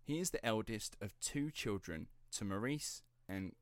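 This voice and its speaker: Male podcast host, low voice, dry close mic, chatty and rambling. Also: animated, normal speed, clean tone, no room sound. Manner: rambling, laughs often, drifts off script. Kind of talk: casual true-crime podcast chat.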